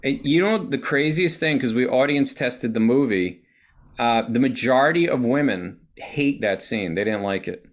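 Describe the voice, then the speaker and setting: A man's voice: mid-range voice, normal speed. A man hosting a podcast, a film director casually telling behind-the-scenes stories and acting out quotes. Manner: animated, acts out quotes, swears casually. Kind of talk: casual anecdotal storytelling.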